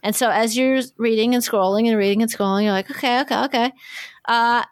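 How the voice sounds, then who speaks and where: A woman's voice: fairly high pitch, fairly even intonation, fairly quick, smooth, dry recording, clean studio sound. A woman co-hosting a casual chat, animatedly retelling a story and quoting characters, swearing casually. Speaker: podcast co-host. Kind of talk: casual chat about fan fiction.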